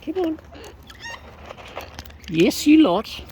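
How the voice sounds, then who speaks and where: A woman's voice: big pitch swings, extremely slow. Sing-song woman coaxing birds. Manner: playful sing-song coaxing, squeaky high hellos. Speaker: vlogger feeding wild birds. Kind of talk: casual chat to birds. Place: outdoors among wild birds. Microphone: phone camera. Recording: noisy outdoor phone recording.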